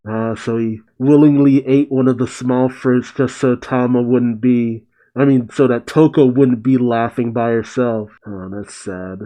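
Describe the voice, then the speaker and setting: Casual mellow-voiced man recapping. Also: medium pitch, fairly even intonation, measured pace, poor audio. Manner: casual, swears, emotional asides. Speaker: comic reaction host.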